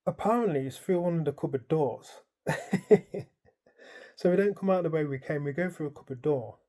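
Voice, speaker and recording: Man, mellow warm voice, casual dream storytelling, rambling, lots of fillers. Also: on the high side, moderate pace. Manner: rambling, animated retelling full of "like" and "um"; colloquial, storytelling present tense. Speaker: dream vlogger.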